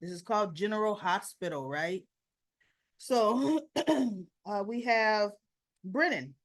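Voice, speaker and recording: A woman's voice: medium pitch, takes it slowly. A woman recapping soap opera scenes in a casual, chatty way, retelling the dialogue line by line.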